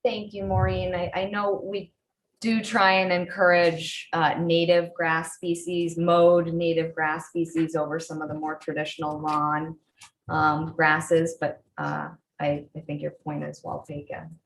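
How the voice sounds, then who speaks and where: A woman chairing a town commission meeting, calling motions and roll votes in a brisk, procedural way. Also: sits low, completely flat delivery, slight background noise, rough recording. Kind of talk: running a public meeting.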